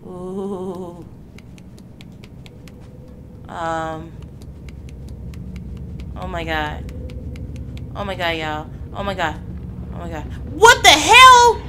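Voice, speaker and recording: A woman playing a horror game, reacting out loud and swearing when startled. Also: lowish voice, steady tone, very slow, pauses often. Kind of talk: let's play commentary. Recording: background noise under the voice.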